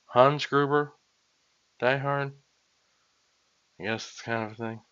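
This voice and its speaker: Quiet joking streamer man. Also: medium pitch, steady tone, slow, clear, resonant tone, dry recording, highs cut off. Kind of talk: casual aside while playing.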